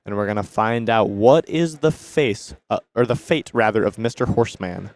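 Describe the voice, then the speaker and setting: A man commentating a card game tournament, steady and measured. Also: fairly low pitch.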